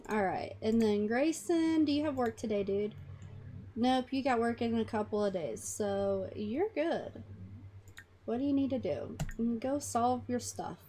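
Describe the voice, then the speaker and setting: A woman's voice: a little high, a little slow, dark tone, slight background noise. Chatty woman narrating a life sim game. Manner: chatty, talks to her characters with fillers. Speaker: gaming channel host. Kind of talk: casual life-sim gameplay commentary.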